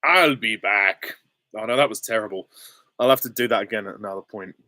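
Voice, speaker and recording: A channel host answers viewer questions during a live stream Q and A, chatty, giggly and self-deprecating on a close desk mic. His voice is on the low side, steady and a bit bright, delivered fast with no echo.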